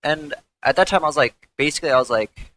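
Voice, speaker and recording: Bright-voiced young man telling a story. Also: on the high side, rough recording. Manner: candid, swears freely, halting restarts. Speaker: former pro gamer. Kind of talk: casual storytelling.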